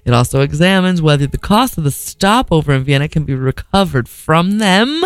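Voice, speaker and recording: A podcast co-host reads a news story for comedy, stopping again and again for swearing, disbelieving asides. The voice sits in a middling pitch. It is close to the mic and very dry, with no room sound at all. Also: expressive, normal speed, clean tone, no echo. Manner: profane, incredulous asides between read-out sentences.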